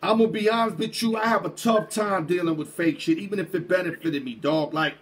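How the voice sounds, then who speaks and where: A man with a strikingly high voice hosts a sports talk show. He talks bluntly and emphatically, in heavy street slang, calling people dog. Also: fairly quick, a little hiss or hum. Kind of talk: casual chat.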